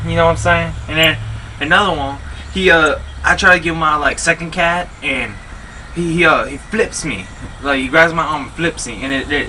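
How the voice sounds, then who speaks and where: A man's voice: fairly high pitch, bright, forceful tone, slight background noise, low-quality recording. An amateur actor playing a fed-up male neighbor who tells his story in a rambling, exasperated way.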